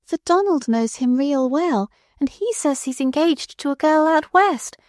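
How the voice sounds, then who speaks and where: Woman playing a meek little old lady, quavering and sobbing, high voice, storybook reading. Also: lively intonation, measured pace, darkish tone, no room sound, studio quality. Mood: gentle. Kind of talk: audiobook character voice.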